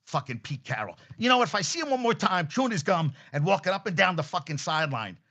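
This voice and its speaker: A man hosting a solo sports podcast, ranting angrily and profanely, swinging between loud outbursts and low mutters. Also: sing-song, quick pace.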